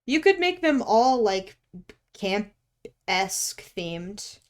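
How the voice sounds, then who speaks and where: A woman's voice: mid-range voice, very animated, very slow. A woman streaming while she draws. She chats casually, teases herself, swears offhandedly and laughs often. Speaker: art streamer. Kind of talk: casual live-stream chat while drawing.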